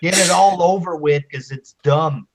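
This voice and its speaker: A man hosting a live chat show, ranting slowly and profanely with open scorn. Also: on the high side, a crowd in the background. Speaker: podcast host.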